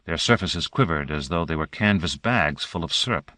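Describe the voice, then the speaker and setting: Deep-voiced male audiobook narrator. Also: lively intonation, normal speed, bright, forceful tone, no room sound.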